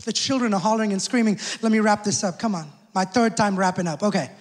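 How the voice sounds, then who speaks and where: Male pastor with a very high voice, delivering an emphatic sermon in a big echoing church hall. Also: quick pace. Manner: emphatic preaching with call-outs to the congregation. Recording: long church hall reverb.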